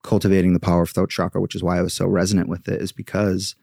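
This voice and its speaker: Brief: chatty male yoga teacher, deep gravelly voice, mellow, dry close sound. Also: level tone, racing, no room sound. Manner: chatty, acts out quoted voices. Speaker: podcast guest, yoga teacher. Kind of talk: candid personal storytelling.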